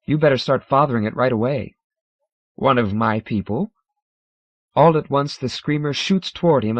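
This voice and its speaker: A man narrating a science fiction audiobook in a measured, dramatic way. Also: mid-range voice, no echo. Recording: dry, slightly dull recording.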